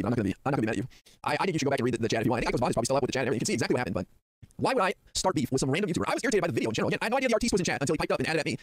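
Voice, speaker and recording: A male streamer rants at breakneck speed, exasperated and incredulous. His voice sits high and swings widely. The sound is dry and close. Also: no echo. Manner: exasperated, rapid ranting. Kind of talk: live stream commentary.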